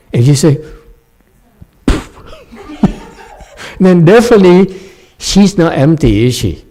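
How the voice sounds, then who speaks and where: A man's voice: on the high side, warm tone. A man giving a meditation dharma talk and answering questions. He laughs often and keeps checking in with "okay?". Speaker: Chan meditation teacher.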